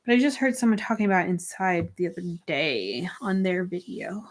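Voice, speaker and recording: Chatty young woman, a bit hoarse. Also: lowish voice, animated, normal speed. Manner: chatty, reads viewer comments aloud and answers them. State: slightly hoarse. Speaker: livestream host. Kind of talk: casual livestream chat. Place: her room with string lights.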